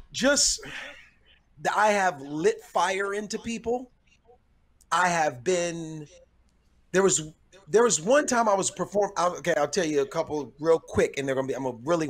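Man, middle-aged, comedian guest, somewhat high pitch, halting thoughtful telling. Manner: thoughtful, repeats words as he gathers thoughts. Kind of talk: casual chat, storytelling.

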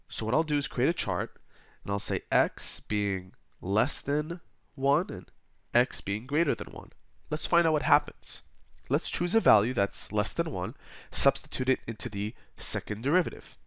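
A man explaining a math problem step by step as a tutor in a scripted lesson voice-over, steady and methodical. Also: medium pitch, dry recording, clean studio sound.

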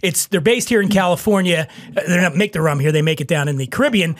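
A man's voice: high voice, lively intonation, fast talker. A man co-hosting a podcast, talking up drinks with eager, salesy enthusiasm. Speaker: podcast co-host pitching drinks. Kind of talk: casual chat with product plugs.

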